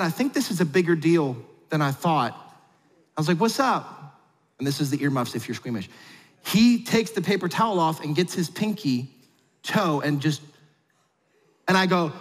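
High-voiced pastor in a reverberant hall. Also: male voice, a little fast. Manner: animated storyteller with big swings in pitch and loudness; humorous asides. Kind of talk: sermon with personal story.

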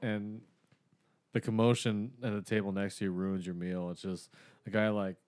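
A man's voice: fairly low pitch, flat delivery, moderate pace, darkish tone. A man in casual chat, joking and crude, with lots of "like" fillers.

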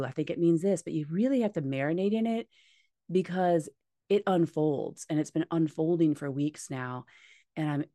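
A woman's voice: very deep voice, vocal fry, dark tone, no echo. A woman talking as a podcast guest, candid and heartfelt, swearing casually. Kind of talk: candid conversational interview.

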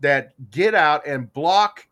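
Animated man telling stories. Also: on the high side, slow pace. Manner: animated storyteller, acts out both sides of quoted exchanges. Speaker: panel host. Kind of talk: casual chat retelling stories.

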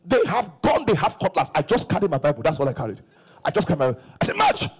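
A middle-aged pastor preaching a sermon, breaking into sung phrases and shouts and acting out quoted voices. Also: male voice, on the high side, very animated, racing, noisy background.

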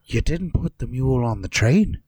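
A man voicing a brash, hot-tempered male gunslinger who talks gruffly and bluntly, with sarcasm. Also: mid-range voice, lively intonation, normal speed, a little mellow, no room sound. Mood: demanding.

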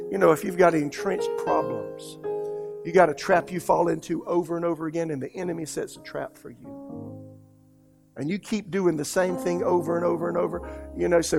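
Male pastor, sermon, storytelling delivery, gravelly tone, faint guitar under. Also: a little high. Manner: storytelling, swinging between hushed and loud emphatic delivery.

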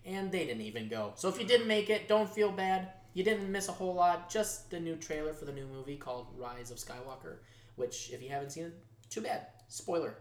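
A man hosting a casual news-style show, jokey and animated, his voice jumping from loud outbursts to quiet asides. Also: on the high side, a little fast. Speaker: show host. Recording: echoey room.

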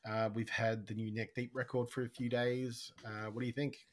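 A man co-hosting a music podcast in casual chat, talking fast with a slight lisp. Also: medium pitch, level tone. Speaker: podcast co-host.

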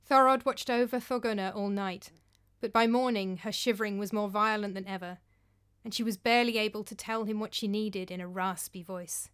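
A woman's voice: medium pitch, steady tone, moderate pace, fairly bright tone, smooth. Woman reading a storybook tale. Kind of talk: storybook narration.

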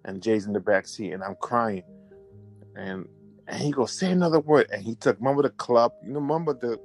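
A man with a fairly low voice tells a personal story in a casual, conversational way. He is animated and keeps repeating and restarting his phrases. Faint music plays in the background. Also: brisk. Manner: animated, repetitive, restarts and self-corrections. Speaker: storyteller recounting a memory.

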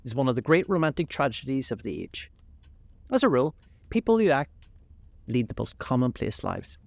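A man voicing a cold, vain young gentleman in a storybook reading, languid and dismissive. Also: medium pitch, very animated, fairly quick, vocal fry, dry recording, pitched above the performer's own voice. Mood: aloof.

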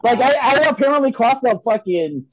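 A man, telling a story on a podcast in an excitable, profane way and acting out the voices of the people in it. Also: very high voice, a little fast, no room sound. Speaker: podcast guest. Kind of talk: casual storytelling chat. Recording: dull, dry podcast audio.

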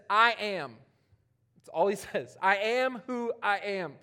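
Male pastor, higher voice, animated sermon delivery, casual asides, big swings between loud and soft. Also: takes it slowly, clean tone. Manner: animated, swinging from loud emphatic preaching to quiet near-whispers; conversational, with casual asides and playful quoted voices.

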